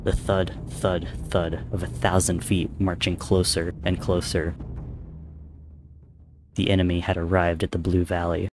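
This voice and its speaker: A man reading a fan-written story aloud, narrating in a steady, measured way. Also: deep voice, soft background music.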